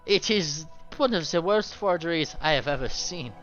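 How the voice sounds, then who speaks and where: A man's voice: on the high side, animated, normal speed, a bit bright, muffled recording, soft background music, voice pushed up. A man voicing a haughty male guard, a winged creature with paws, mocking and scoffing.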